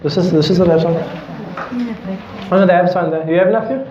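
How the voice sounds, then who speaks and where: A man's voice: sits high, steady tone, quick pace, noisy background. A man teaching a classroom lecture. He explains with everyday examples and keeps checking that students are following. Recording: roomy, dull lecture-hall recording.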